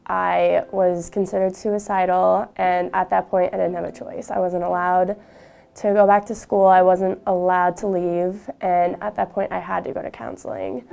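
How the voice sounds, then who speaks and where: A young woman, a university student, telling her personal story in an interview, halting, with frequent fillers and restarts. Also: lowish voice, flat delivery, gravelly, a little mellow.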